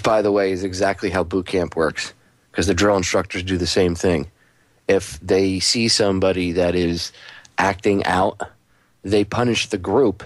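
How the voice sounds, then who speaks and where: A man's voice: sits low, no echo. A man hosting a talk radio show, giving emphatic, sarcastic commentary.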